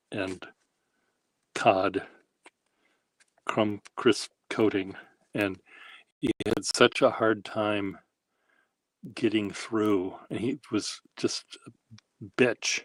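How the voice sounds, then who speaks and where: A man with a lowish voice talks in an easy, unhurried way, drifting from one anecdote to the next. He hosts a casual, rambling chat, pausing often as he gathers his thoughts. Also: no room sound. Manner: meandering, halting anecdotes. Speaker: host.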